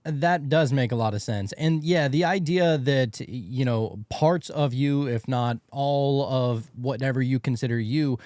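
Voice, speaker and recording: Podcast host musing in a dry room. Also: male voice, medium pitch, a little slow, few pauses, darkish tone, no echo. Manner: thinks aloud, rambling questions. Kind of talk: casual chat.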